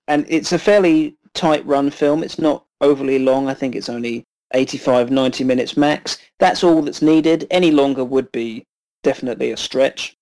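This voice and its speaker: A man co-hosting a film podcast, reviewing in a measured, hesitant way with frequent ums. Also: medium pitch, fairly even intonation, a little mellow, rough recording.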